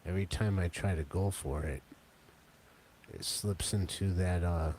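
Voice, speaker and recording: A man co-hosting a casual home podcast, with a slow, dry, jokey way of talking. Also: low-pitched, steady tone, darkish tone, a little hiss or hum. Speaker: podcast co-host.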